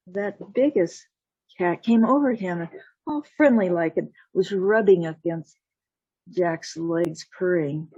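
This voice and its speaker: A woman storyteller telling a folktale slowly and deliberately, voicing the sound effects herself over a video call. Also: medium pitch, warm tone, husky, no room sound. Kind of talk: told folktale. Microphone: video call mic. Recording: dull lo-fi call audio.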